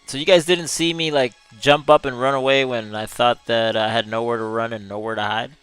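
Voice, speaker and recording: A man's voice: medium pitch, steady tone, a little fast, fairly bright tone, smooth, faint music behind. A male gaming streamer giving live gameplay commentary in a chatty way, reading chat messages aloud and laughing often.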